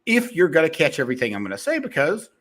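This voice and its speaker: A man talking fast as a sales coach, giving a rambling motivational monologue to his viewers with frequent restarts. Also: a little high, wildly swooping pitch, fairly bright tone.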